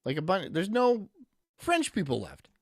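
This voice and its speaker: A man's voice: sits high, huge pitch swings, measured pace, dry recording, clean studio sound. A man streaming casually, reading chat aloud and rambling through jokey asides.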